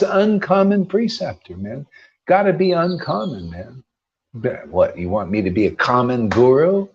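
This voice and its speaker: A man preaching informally as a spiritual teacher, firing combative rhetorical questions and tossing in slangy "man" asides. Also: fairly high pitch. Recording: dull lo-fi recording.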